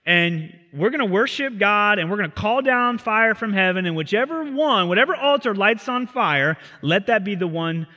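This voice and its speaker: A preacher playing a brash, cocky old prophet. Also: male voice, sits high, expressive, moderate pace, hardly any pauses, sharp tone, muffled recording, voice pushed up. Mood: brash challenge. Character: bold, mocking male prophet of old. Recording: reverberant theatre hall.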